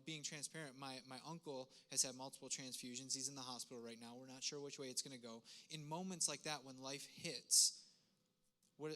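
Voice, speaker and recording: A man's voice: mid-range voice, pushed and bright. A man in his thirties preaching a sermon in a conversational, earnest way, with frequent asides and restarts. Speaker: pastor. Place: church sanctuary.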